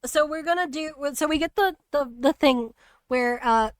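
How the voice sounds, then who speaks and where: A woman's voice: sits high, moderate pace, dry recording, studio quality. A woman hosting a stream, chatting casually about a video game and retelling scenes with many restarts. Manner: rambling, many restarts, laughs easily. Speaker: streamer host.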